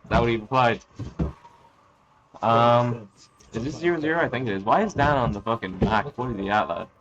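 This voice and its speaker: A man's voice: mid-range voice, brisk, lo-fi sound. A young man giving crude, joking, offhand live game commentary. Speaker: esports commentator.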